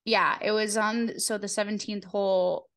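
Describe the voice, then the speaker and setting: A woman's voice: medium pitch, steady tone, moderate pace, fairly bright tone. A young woman co-hosting a podcast in casual chat, rambling with lots of "like" and casual swearing. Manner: chatty, filler-heavy, lots of "like", swears casually. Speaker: podcast co-host.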